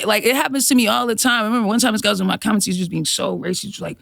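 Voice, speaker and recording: A woman's voice: mid-range voice, racing, gravelly, a bit bright, dry recording, clean studio sound. A woman comedian guesting on a podcast, talking in a laid-back, slangy way with lots of swearing and laughter. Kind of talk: casual chat.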